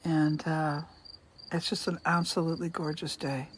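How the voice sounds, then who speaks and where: A woman's voice: deep voice, flat delivery, moderate pace, a little hiss or hum. Chatty older woman livestreaming outdoors. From Canada. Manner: chatty, greets viewers by name, repeats questions. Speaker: livestream host. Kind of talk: casual live-stream chat. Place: outdoors on a sunny day. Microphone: phone.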